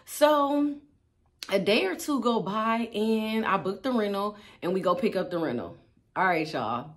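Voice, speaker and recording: A young woman, telling a storytime to her viewers in a casual, slangy, animated way, laughing and acting out what people said. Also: medium pitch, measured pace. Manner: animated, slangy, acts out quotes, laughs often. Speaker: storytime vlogger.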